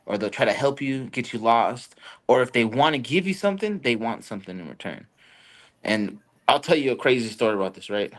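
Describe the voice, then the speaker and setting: Casting: young man, podcast host, loose, profane storyteller who jumps into high voices for quotes. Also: a bit bright. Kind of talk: casual storytelling chat.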